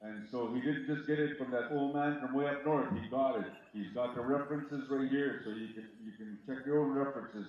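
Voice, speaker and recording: A man's voice: mid-range voice, darkish tone, dull audio, a little hiss or hum. A man announcing at a powwow, joking with the crowd and calling out names over a PA. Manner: joking, teasing, calls out names. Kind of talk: live event announcing on a PA. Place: outdoor powwow arbor. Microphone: PA microphone heard from far off. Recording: distant PA voice in an echoey outdoor space.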